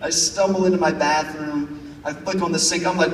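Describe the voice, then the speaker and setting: Young male stand-up comic, animated, high voice, echoey hall, taped from afar. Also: moderate pace, crowd noise, noisy background. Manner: animated, jumps into shrill shouted voices for bits. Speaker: stand-up comedian. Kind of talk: stand-up comedy set. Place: large campus auditorium before a crowd. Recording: echoey hall recorded from far off. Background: audience laughter.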